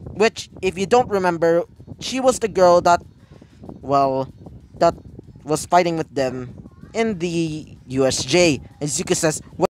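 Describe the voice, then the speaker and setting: A man telling a fan story off the cuff, rambling and stopping to correct himself, packed with fillers. He talks slowly, and a faint noise hisses behind him. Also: on the high side, animated, poor audio. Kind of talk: casual fan-fiction storytelling.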